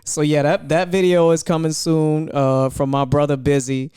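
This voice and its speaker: A man, co-hosting a podcast in casual chat, measured and unhurried with laughing asides. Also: on the high side, level tone, darkish tone, clean tone, no echo, clean studio sound. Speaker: podcast co-host and bartender.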